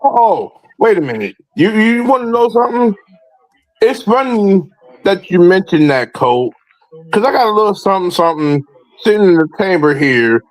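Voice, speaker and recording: A man hosts a livestream talk show and calls out his rivals confrontationally. His voice sits fairly high and sounds dry and close, with no room echo. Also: sing-song, moderate pace. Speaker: host.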